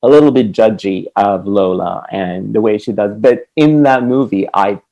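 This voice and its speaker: A man's voice: lowish voice, normal speed, dark tone, highs cut off. A man co-hosting a podcast, talking casually and animatedly about a film, laughing often. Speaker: podcast co-host.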